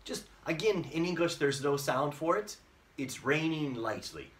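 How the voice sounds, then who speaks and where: A man's voice: a little high, lively intonation, unhurried, recorded from a distance, a little hiss or hum. A man teaching English to Japanese learners in an online lesson, acting out sounds playfully and mixing in Japanese words.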